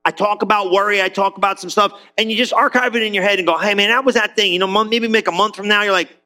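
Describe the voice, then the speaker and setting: High-voiced animated male pastor. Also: quick pace. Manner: conversational, animated, acts out quotes in voices. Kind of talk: sermon.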